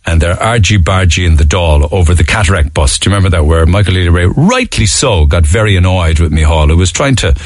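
An Irish man hosts a radio talk show in a chatty, easygoing way, laughing easily as he reads out listener texts. His voice sits on the low side. The studio sound is dry and close. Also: expressive, fast, few pauses, no room sound. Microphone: studio microphone.

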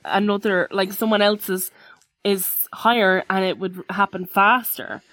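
Female podcast co-host, chatty and animated, acts out quoted dialogue in a story; dry, close sound. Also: mid-range voice, a little slow, dry recording. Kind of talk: casual chat.

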